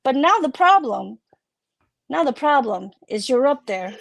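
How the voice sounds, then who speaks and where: A woman narrating a tabletop game as game master, relaxed and hesitant, with many fillers. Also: high voice, unhurried, gravelly.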